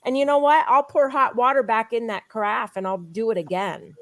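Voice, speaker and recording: Woman guest, higher voice, dry close sound, pushes a product with eager testimony. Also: fairly bright tone, dry recording. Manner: eager, insistent, fast storytelling. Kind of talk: sales pitch with personal testimony.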